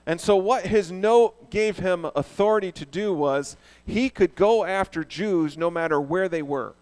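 Male pastor, animated sermon delivery, fairly high voice, questions the crowd. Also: a little slow. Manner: animated, asks the audience questions.

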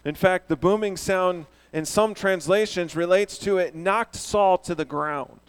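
Animated male preacher with a higher voice. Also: a little slow, clean tone. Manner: animated, asks the audience questions. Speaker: pastor. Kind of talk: sermon.

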